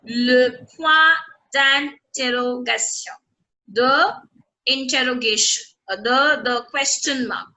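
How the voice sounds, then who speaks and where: A woman with a high, bright voice teaches a French class. She explains patiently and says each example sentence twice. She keeps stopping to ask whether the students understand. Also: slow, low-quality recording. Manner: checks often that students follow. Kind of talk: online language lesson.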